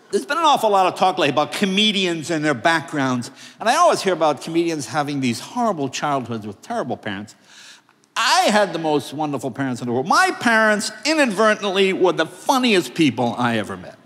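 A man in his sixties accepting an award on a large theater stage, telling comic stories in an animated, jokey way. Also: fairly high pitch, brisk. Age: 60s. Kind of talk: stand-up storytelling. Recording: long reverb of a large theater.

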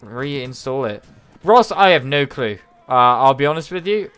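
A man's voice: medium pitch, lively intonation, unhurried, a bit bright, clear, resonant tone, faint music behind. A man streaming a game, chatting playfully with friends and his chat, humming along. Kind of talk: casual gaming livestream chat.

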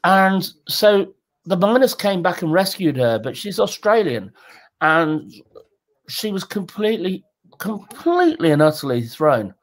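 A man in his sixties, a guest telling candid, animated stories in a conversational interview. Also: measured pace. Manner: animated, jumps in pitch, acts out quotes.

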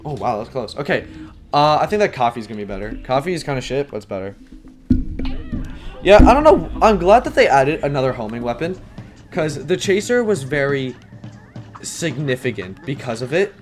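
A man giving rambling live gameplay commentary, excitable and prone to yelling when things get stressful. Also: medium pitch, moderate pace, faint music behind. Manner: rambling, filler-heavy. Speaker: gaming YouTuber.

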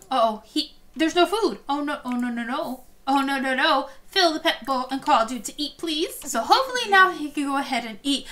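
A woman hosting let's-play commentary, excitable, gasping often and talking straight to her viewers. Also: high voice. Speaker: gameplay host.

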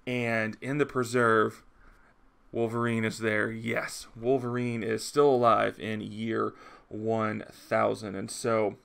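A man talks through a comic book review in a casual vlog. His lowish voice is gravelly and bright, and he sounds eager as he chats along with plenty of ums and uhs. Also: level tone, slow pace. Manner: enthusiastic, chatty, frequent uh and um fillers.

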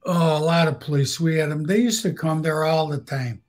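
A man's voice: on the high side, steady tone, moderate pace, darkish tone. A man casually telling blunt, profane stories about his old barbershop, laughing at his own punchlines. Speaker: guest storyteller. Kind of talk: casual storytelling.

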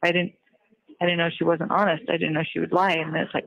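A woman's voice: on the low side, flat delivery, fast talker, creaky, a bit bright, lo-fi sound. A woman on a recorded call, talking earnestly and reflectively, often trailing off as she searches for words. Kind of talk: reflective conversation.

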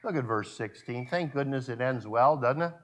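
A male pastor preaching a sermon at a church service, full of rhetorical questions and sudden drops to a hushed voice. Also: medium pitch, normal speed.

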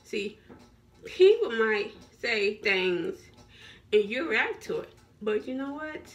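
Encouraging woman with a high voice, slightly off-mic. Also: sing-song, slow pace, recorded from a distance. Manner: repetitive, preachy, encouraging, restarts often. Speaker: vlogger. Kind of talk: motivational talk to camera.

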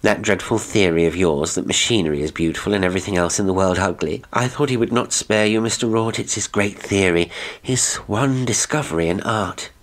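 A young wife forcing a bright, chatty tone while her nerves show, voiced by a man with a very deep voice. Her voice sits a half note too high for comfort in this storybook reading. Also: fairly quick, lightly acted. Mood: falsely bright. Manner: soft, hushed, then falsely bright.

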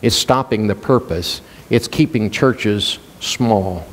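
A man's voice: lowish voice, takes it slowly, big-room sound. A male pastor preaching a sermon, questioning the congregation and joking with them. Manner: playful, jokes and laughs.

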